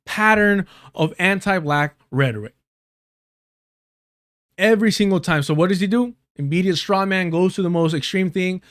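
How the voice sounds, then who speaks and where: A man's voice: sits high, normal speed, no echo, studio quality. A man hosting a live stream, giving angry, repetitive commentary on a clip, swearing often. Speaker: live stream host reacting to clips.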